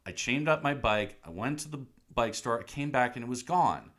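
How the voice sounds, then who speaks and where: A man in casual chat, retelling a film with quick acted-out voices and frequent laughs. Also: mid-range voice, animated, a bit bright. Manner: acts out scenes in quick voices, laughs often. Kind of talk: casual movie recap chat.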